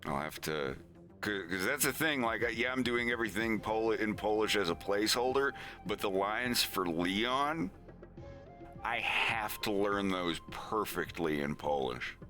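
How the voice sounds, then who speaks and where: A man with a deep, bright-edged voice talks slowly on a live stream. He rambles through his thoughts with many fillers and restarts. Soft music plays faintly behind him. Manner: rambling, filler-heavy, animated storytelling. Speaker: animation streamer. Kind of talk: casual live-stream chat.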